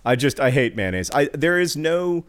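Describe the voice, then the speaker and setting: A man's voice: a little high, very animated, normal speed, clear, resonant tone. A man co-hosting a podcast in casual chat, dry and wry, leaning on "like" as filler. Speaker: podcast co-host.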